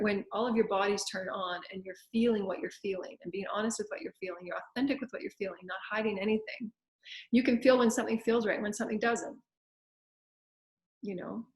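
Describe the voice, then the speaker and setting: Spiritual teacher, woman, flowing repetitive affirmations, echoey room. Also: mid-range voice. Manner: flowing, repetitive, speaks in first-person affirmations. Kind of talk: spiritual guidance talk with affirmations.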